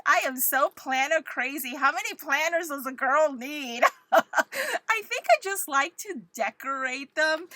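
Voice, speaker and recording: A woman's voice: sits high, pushed and bright. A middle-aged woman, hosting a casual craft unboxing, gushing and giddy as she talks to viewers like friends. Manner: gushing, giddy, exclaims often. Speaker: crafting channel host.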